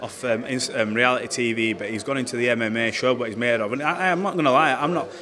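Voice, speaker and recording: Male ringside interviewer, teasing and chatty, lower voice, crowd roaring. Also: fast talker. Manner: chatty, teasing, long questions. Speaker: boxing interviewer. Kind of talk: casual interview. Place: busy boxing arena. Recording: loud arena crowd behind.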